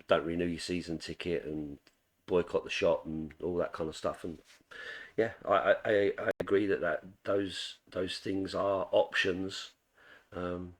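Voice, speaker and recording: A middle-aged man casually reviewing a football match as a fan, rambling with frequent restarts. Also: sits low. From England. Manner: rambling, full of restarts and fillers.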